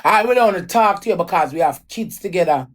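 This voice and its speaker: A woman's voice: on the low side, animated, fast. Emotional Jamaican woman venting her story. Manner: raw, emphatic, repeats lines. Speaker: livestreamer. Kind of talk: emotional personal story, ranting.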